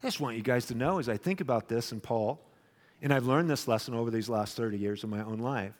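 A middle-aged man preaching a sermon to a congregation, swinging between loud animated questions and quiet confessional lines. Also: mid-range voice, fast talker, in a large hall. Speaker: pastor. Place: church hall with congregation.

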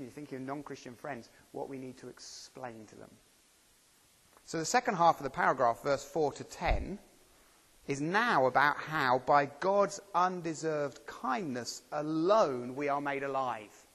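A man preaching to a congregation, his voice gravelly with a bit of fry. He talks in a chatty way and keeps asking the room questions. A long reverb hangs behind him in a church hall. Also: mid-range voice, fairly quick, a bit bright. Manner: conversational preaching with rhetorical questions. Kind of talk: sermon.

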